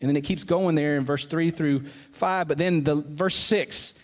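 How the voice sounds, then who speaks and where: A man's voice: fairly high pitch, steady tone, normal speed. A man preaching a sermon in a conversational way, with asides and self-corrections, and more emphasis when he reads scripture aloud.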